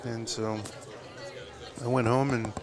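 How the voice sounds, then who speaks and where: A man's voice: mid-range voice, little pitch movement, takes it slowly. A man, a tattoo artist, telling a long story in a live podcast interview, rambling with lots of fillers and swearing. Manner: rambling, full of fillers and profanity. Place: live event at a tattoo convention. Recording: loud crowd chatter at a live event.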